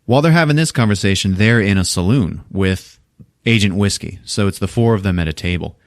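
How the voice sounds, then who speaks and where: A man hosting a podcast, casually recapping a movie as an animated storyteller who laughs often and swears freely. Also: fairly low pitch, brisk, no room sound, studio quality. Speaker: podcast host.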